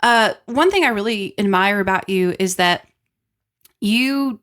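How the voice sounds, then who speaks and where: A woman hosts a podcast interview at an everyday, mid-range pitch. She speaks with admiration for her guest, stumbling over and repeating words as she builds her questions. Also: measured pace. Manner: warm, admiring, repeats words while searching. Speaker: podcast host. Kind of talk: casual interview talk.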